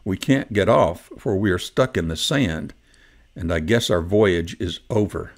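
A bold old rabbit gentleman from a bedtime storybook, read aloud by a man. He speaks firmly and is eager for adventure, with a low voice and a gravelly edge. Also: measured pace.

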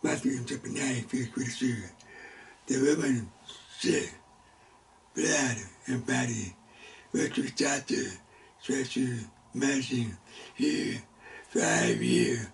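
A man teaches a Sunday school Bible lesson at a slow, deliberate pace. His voice is gravelly, and his speech comes in halting fragments broken by sudden loud exclamations. He sounds set back from the microphone in a church classroom. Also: mid-range voice, far from the mic.

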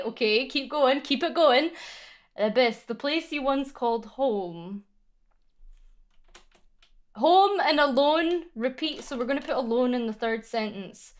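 Flustered, swearing young woman streamer. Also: a little high. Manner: chatty, swears a lot, thinks aloud; jumpy and easily flustered. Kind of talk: casual livestream chat.

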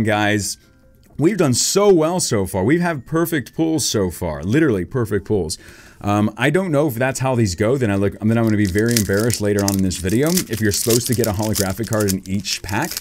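Man, lower register, very lively delivery; hyped YouTuber unboxing cards with excited callouts and faint music behind. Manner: excitable, calls out each card, big gasps at rare pulls. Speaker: card-opening YouTuber.

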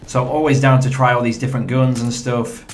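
A young gaming commentator with a medium-pitched voice talks quickly as he reacts to his own gameplay from a home setup. He's chatty and excitable, speaking directly to viewers, with a little hiss or hum in the audio.

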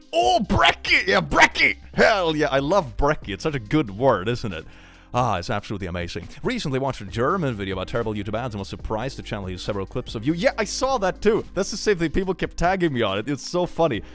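A man's voice: mid-range voice, fast talker, faint music behind. A young man from Sweden, chatting casually on a livestream, reading out viewer messages and thanking supporters. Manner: animated, thanks viewers and reads chat aloud.

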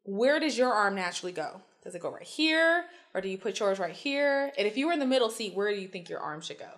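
A woman's voice: medium pitch, lively intonation, fast, fairly bright tone. A young woman co-hosting a podcast, chatting casually and telling stories with blunt, profane humor, acting out the people in them, often laughing. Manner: acts out the other people in her stories, swears freely, laughs a lot. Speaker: podcast co-host. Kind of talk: casual chat, animated storytelling.

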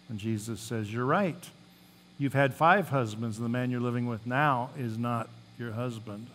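A man's voice: mid-range voice, a little hiss or hum. A male pastor giving a sermon, reading scripture aloud with rising emphasis and telling folksy stories between the passages. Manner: reads scripture with rising emphasis, then talks plainly; folksy storytelling asides.

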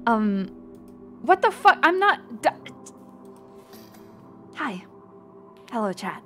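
Over soft background music, a woman VTuber talks slowly in a slightly high, somewhat bright voice with big pitch swings. She chats casually, reading chat names, thanking viewers, rambling, cursing regularly and laughing a great deal.

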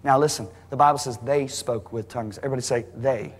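A man preaching a sermon to a congregation, emphatic and rising to near shouting at high points. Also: fairly even intonation, quick pace. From United States. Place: large church hall. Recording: live sermon in a reverberant hall.

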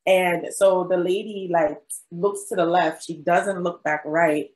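Young woman doc telling a wild story, lowish voice, acts out what people said, laughs a lot. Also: unhurried, low-quality recording. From South Jersey. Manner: animated storyteller, acts out quotes, laughs often. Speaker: guest, physician. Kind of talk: casual storytelling interview.

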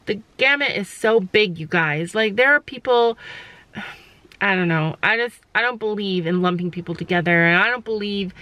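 A middle-aged woman talks straight to her viewers in a casual vlog, her voice bright and clear at a middling pitch. She rambles and sighs, circling back on herself and owning up to her mistakes. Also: a little slow, dry recording, low-quality recording. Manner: rambling, sighing, self-critical. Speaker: vlogger.

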